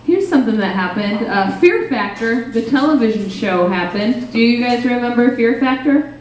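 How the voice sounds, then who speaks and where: Woman comic, lively pitch, rambling self-deprecating stand-up, echoey cafe room. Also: normal speed, a little hiss or hum. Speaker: stand-up comedian. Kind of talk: stand-up comedy set. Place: small cafe stage, live audience. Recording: roomy live cafe recording.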